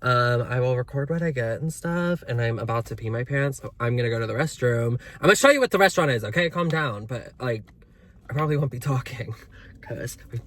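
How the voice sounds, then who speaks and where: A young man chatting excitedly to his viewers in a casual vlog, joking at his own expense and calling them "girl". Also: medium pitch, fairly quick. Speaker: vlogger. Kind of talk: casual vlog chat to camera. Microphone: phone held while talking.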